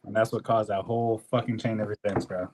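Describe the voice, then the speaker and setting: A man's voice: on the low side, fast talker, background noise. A young man on a podcast, casually telling a work story with heavy swearing and laughter. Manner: animated, swears a lot, laughs through the story. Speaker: podcast co-host.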